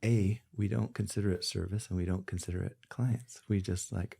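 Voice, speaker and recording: A man, a physician, talking candidly in a podcast conversation, relaxed with fillers but rising into emphatic, passionate points. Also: deep voice, normal speed, creaky, few pauses, husky.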